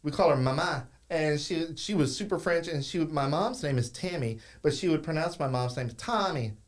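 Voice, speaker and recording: A man from South Louisiana with a light Cajun accent, hosting a podcast and chatting casually in an animated, storytelling way. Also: on the high side, moderate pace. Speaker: podcast host. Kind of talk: casual interview chat.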